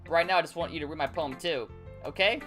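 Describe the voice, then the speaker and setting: A man reading the lines of a shy, flustered bookish young woman aloud from a game, halting and stammering. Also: fairly high pitch, sharp tone, faint music behind. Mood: nervous.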